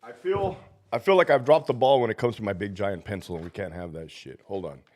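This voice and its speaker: A man's voice: lowish voice, fairly quick, darkish tone. A man hosting a casual livestream, a former prison officer who is sick and feverish, swearing heavily, ranting and laughing often between greetings to viewers.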